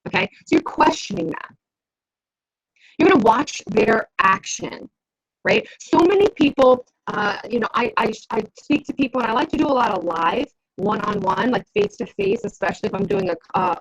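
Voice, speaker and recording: Woman coach talking to camera, kinda husky and a bit high, dull lo-fi sound, keeps asking "right?". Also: very animated, moderate pace. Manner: conversational, keeps checking in with the listener. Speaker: business coach. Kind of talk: instructional talk to camera. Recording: dull lo-fi recording.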